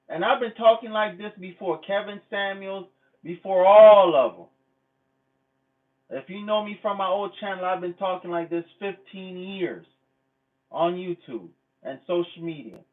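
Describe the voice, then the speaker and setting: A man's voice: sits high, normal speed. Blunt, profane man on a tinny line. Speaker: channel host. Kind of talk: casual vlog rant. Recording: phone-like lo-fi sound.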